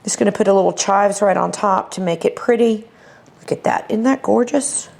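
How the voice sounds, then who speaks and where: A woman's voice: medium pitch, moderate pace, vocal fry, darkish tone. Woman, Texas accent, middle-aged, cooking show host, chatty, upbeat, homey. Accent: Texan. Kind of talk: cooking demonstration.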